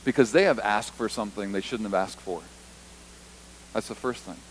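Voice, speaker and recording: A pastor preaches in church with a lowish male voice at normal speed, on a low-quality recording with a little hiss or hum. He talks conversationally, repeats points for emphasis, and acts out the disciples' and Jesus's lines in short quoted voices.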